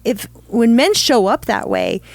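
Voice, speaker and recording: A woman's voice: on the high side, huge pitch swings, unhurried, gravelly, no echo. A woman co-hosting a podcast who talks earnestly and affirmingly, with restarts and fillers as she works out her thoughts. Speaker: podcast co-host. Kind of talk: casual podcast chat.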